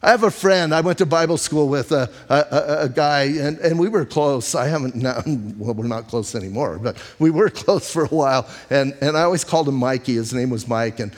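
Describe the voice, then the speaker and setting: A man preaching a conversational sermon as a pastor, telling stories and asking rhetorical questions, slowing down to stress key lines. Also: mid-range voice. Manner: emphatic, slows down on key phrases. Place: church sanctuary. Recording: long hall reverb.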